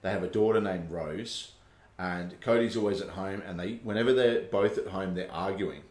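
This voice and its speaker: A man chatting casually as a podcast host, animated and swearing, acting out quotes. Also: deep voice, moderate pace, echoey room. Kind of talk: casual chat.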